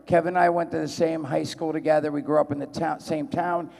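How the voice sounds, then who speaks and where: A man spins loose, profane stories for a live panel audience. His voice sits a little high and gravelly, and he jumps into excited voices when he quotes people. Everything rings with the long reverb of a big convention hall. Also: brisk.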